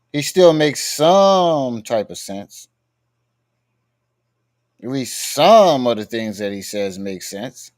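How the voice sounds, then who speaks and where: Male streamer, blunt profane reaction commentary. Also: medium pitch. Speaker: live-stream host reacting to clips. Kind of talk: casual live-stream commentary.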